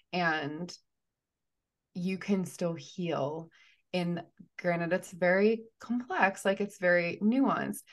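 A woman speaking as a therapist guest in a podcast interview, thoughtful and measured, often restarting her sentences. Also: fairly low pitch.

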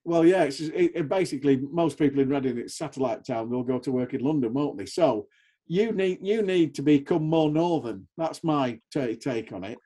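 A man's voice: a little high, animated, moderate pace, warm tone. A man interviewing a footballer, asking friendly, teasing questions. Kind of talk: casual interview.

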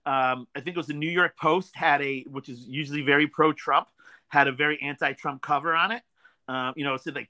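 Man podcast co-host with a sharp, bright voice; stumbling, halting delivery. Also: fairly high pitch, fairly even intonation. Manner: halting, many restarts and fillers. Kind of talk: casual political chat.

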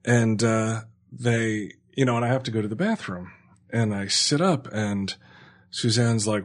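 A man's voice: fairly low pitch, unhurried. A man telling a long personal story in casual chat, rambling and profane. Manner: rambling, profane, full of fillers.

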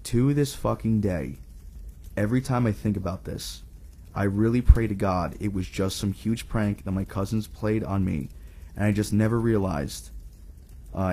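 Low husky guy reading a scary story on a podcast, laid-back and swearing a lot. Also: normal speed, mellow. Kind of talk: casual storytelling, reading aloud.

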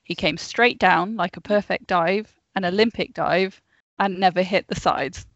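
Woman podcast co-host, lowish voice, storytelling from notes with asides, dry muffled home recording. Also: a little slow, fairly bright tone, dry recording. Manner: reads from notes, laughs often, chatty asides. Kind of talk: casual storytelling chat.

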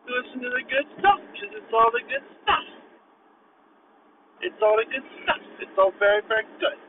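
A man's voice: very high-pitched, big pitch swings, normal speed. A man delivering an absurd, mock-motivational comedic monologue in a put-on voice while driving, recorded inside a car. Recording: tinny phone-like audio with faint road noise.

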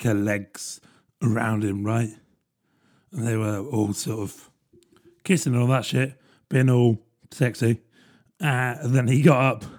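A man's voice: mid-range voice, a little mellow, slightly rough. A man, rambling through a casual solo podcast with plenty of fillers and self-deprecating asides. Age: 30s. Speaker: podcast host.

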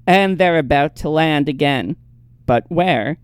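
A woman's voice: low-pitched, animated, measured pace, a little hiss or hum. A woman hosting a podcast, recapping an episode in casual chat and laughing often. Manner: narrates plot, laughs often.

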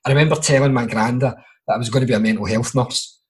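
A man in his forties with a Glaswegian accent, co-hosting a podcast chat and telling lively stories about his family. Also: medium pitch, fast talker. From Scotland. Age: 40s. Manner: animated storyteller who acts out quoted relatives, laughing often. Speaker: podcast co-host, mental health nurse. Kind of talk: casual chat.

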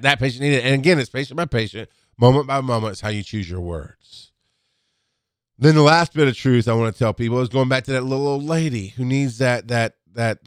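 Candid, rambling man with a smooth voice. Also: medium pitch, no echo, studio quality. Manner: candid, rambling storyteller with frequent restarts. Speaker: paramedic. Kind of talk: casual monologue.

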